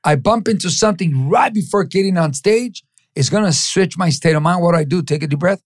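A middle-aged man from East Los Angeles, a podcast guest giving an animated motivational talk, acting out the voices in his stories and dropping in Spanish phrases. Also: high voice, fairly quick, no echo, clean studio sound.

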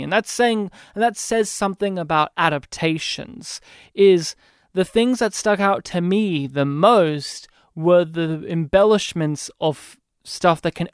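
An Australian man co-hosting a podcast, chatting casually about a film with quick asides. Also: on the high side, clear, resonant tone, dry recording, studio quality. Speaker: podcast co-host.

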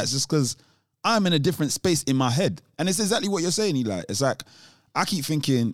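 A man's voice: fairly high pitch, expressive, brisk, no room sound. Rambling man, slangy and dry. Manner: rambling, tangential, many restarts. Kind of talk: casual chat.

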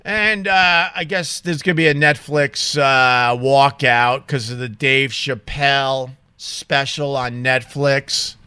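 A man's voice: medium pitch, slow pace, few pauses, sharp tone, smooth, no room sound. A man in a small home studio telling a story in an indignant, emphatic casual rant, swearing freely. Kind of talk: casual ranting monologue.

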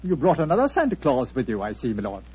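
A man's voice: mid-range voice, huge pitch swings, fast talker, husky, exaggerated voice. A man playing a polite, deferential and apologetic butler in a 1940s radio drama. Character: deferential, anxious male butler. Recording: dull 1940s radio broadcast.

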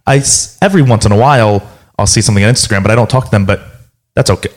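A man's voice: on the low side, rapid-fire. A young man chatting casually, reflective and earnest, with lots of likes and restarts. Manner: reflective, earnest, many fillers. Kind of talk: casual chat.

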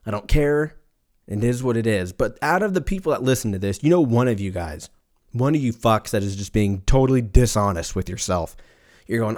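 A man's voice: mid-range voice, fairly quick, a little mellow. A man hosting a casual solo podcast, rambling off on tangents, swearing freely and laughing at his own jokes. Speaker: podcast host.

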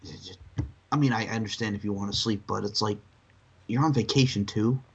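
A man co-hosting a casual wrestling chat, animated and profane, often mocking others in a shrill voice. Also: brisk, breathy edge, dull audio. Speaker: podcast co-host.

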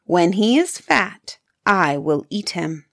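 A woman voicing a cruel, sly old witch in a fairy-tale reading, switching between sweet luring and shrill, mocking commands. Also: very animated, takes it slowly, vocal fry, a bit bright, exaggerated voice. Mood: cruel commanding.

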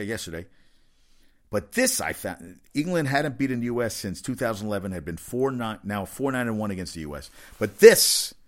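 A man hosting a casual sports talk monologue, animated and given to incredulous outbursts, repeating words when worked up. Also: mid-range voice.

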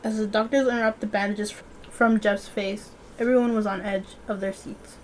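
A woman's voice: mid-range voice, steady tone, normal speed, slight background noise. A young woman reading a horror story aloud and breaking off to chat and joke with a friend. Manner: chatty, laughs and jokes between reading. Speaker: podcast co-host and reader.

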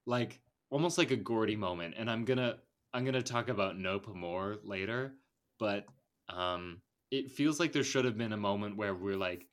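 A man's voice: lowish voice, normal speed. A man co-hosting a podcast, talking casually about a film in a meandering way, full of fillers and restarts. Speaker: podcast co-host.

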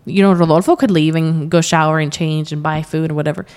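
A young woman talks casually as a podcast guest, telling her story with plenty of quoted asides and easy laughter. Her voice sits a little low for a woman. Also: steady tone, quick pace, darkish tone, smooth. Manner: chatty storytelling, quotes herself, laughs often. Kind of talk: casual interview chat.

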